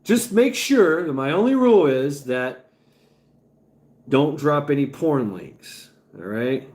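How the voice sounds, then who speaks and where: A man with a fairly high but darkish voice and lively intonation speaks slowly as he hosts a relaxed livestream. Reading chat and rambling with his viewers, he restarts stammered phrases and swears at times.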